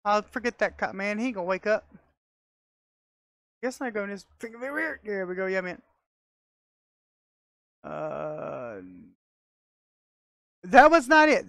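Woman, gamer, chatty play-by-play, mid-pitched, dry close sound. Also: no echo. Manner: excitable, talks to herself, laughs often. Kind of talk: casual gameplay commentary.

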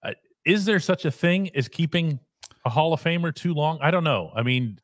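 A man's voice: on the high side, lively intonation, moderate pace, no room sound, clean studio sound. A man co-hosting a casual sports talk show, teasing his partner and reading viewer questions. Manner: playful, teasing, reads questions aloud.

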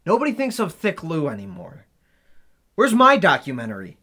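An actor playing a bitter, boastful former tour mate in a mockumentary interview, speaking deadpan. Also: male voice, on the high side, moderate pace, full character voice. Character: washed-up male ex-bandmate, bitter and boastful.

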